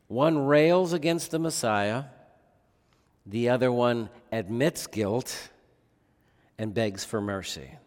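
A man's voice: medium pitch, takes it slowly, pauses often. A man preaching a sermon as pastor, earnest, often asking the listeners rhetorical questions. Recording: long reverb of a large hall.

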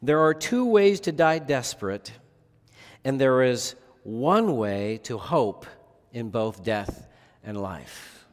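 A man's voice: mid-range voice, very animated, takes it slowly. A man preaching a sermon as pastor, earnest, often asking the listeners rhetorical questions. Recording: long reverb of a large hall.

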